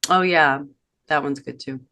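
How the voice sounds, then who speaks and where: Podcast co-host, woman, thirties, bright tone, reflective casual chat with lots of "um" and "like". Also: low-pitched, a little slow, no room sound. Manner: reflective, reads off old notes, many fillers.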